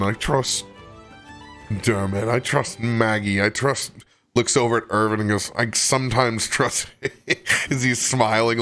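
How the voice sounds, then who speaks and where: A man's voice: medium pitch, pushed and bright. A man playing a tabletop game, casually narrating his character with frequent swearing and laughter.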